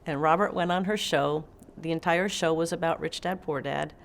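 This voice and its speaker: Her voice is deep and somewhat creaky, and she keeps a moderate pace. She's a middle-aged interview guest who spins lively stories, performing the quoted lines with gusto.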